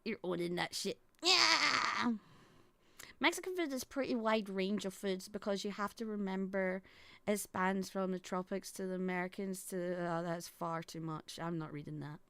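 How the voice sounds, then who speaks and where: A woman's voice: medium pitch, a bit bright, smooth, no room sound. A Scottish woman chatting casually as she reacts to a video, playful and giggly, rambling between thoughts. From Scotland. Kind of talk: casual reaction stream chat.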